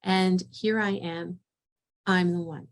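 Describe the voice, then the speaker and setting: A woman's voice: lowish voice, steady tone, takes it slowly. A middle-aged woman psychotherapist leading a training session, telling a vivid first-person scenario.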